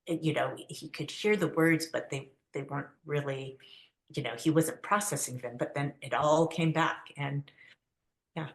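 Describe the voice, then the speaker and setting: A woman's voice: deep voice, unhurried. A woman guest in a podcast interview, telling family stories animatedly and acting out the voices she quotes. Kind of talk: conversational storytelling. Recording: roomy echo.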